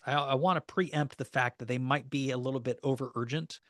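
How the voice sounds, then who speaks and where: Fairly quick and a bit bright, this man's mid-range voice stays fairly even as he runs a recorded real estate training class. Practical and coaching, he acts out sample calls to show agents how to make and negotiate offers, in clean studio sound without room noise.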